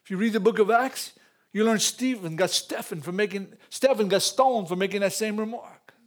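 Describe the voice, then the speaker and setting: An older man preaching in a church, emotional, repeating phrases and rising to loud peaks. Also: high voice, normal speed. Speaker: pastor. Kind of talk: sermon.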